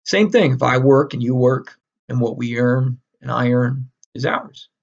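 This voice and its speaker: Guy doing a history lesson, gravelly voice, kinda dull lo-fi sound, stresses words a lot. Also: mid-range voice, unhurried. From northern United States. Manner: animated, emphatic, repeats key words, laughs often. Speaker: history teacher. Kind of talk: casual history lecture.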